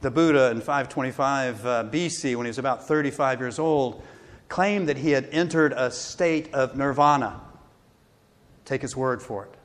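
A man preaching a sermon, earnest and steady, quoting scripture with rising emphasis. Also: medium pitch, moderate pace. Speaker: pastor. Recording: long hall reverb.

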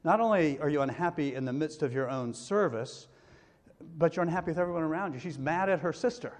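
This pastor's voice is on the high side and fairly quick. He delivers a conversational sermon with acted-out quotes from the story's characters, recorded with long hall reverb.

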